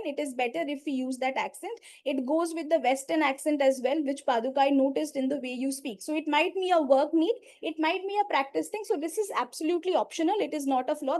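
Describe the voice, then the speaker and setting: Female grammarian, high voice, steady and instructive, video call mic. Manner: measured, instructive, pauses between items. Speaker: grammarian at a speaking club meeting. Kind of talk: meeting report speech.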